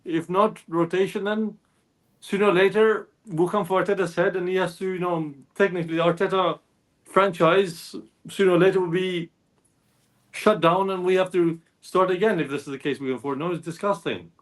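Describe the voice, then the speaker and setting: Speaking at a moderate pace, this high-pitched man keeps his intonation fairly even. He's a panelist in a heated football fan discussion, earnest and exasperated, wandering from point to point.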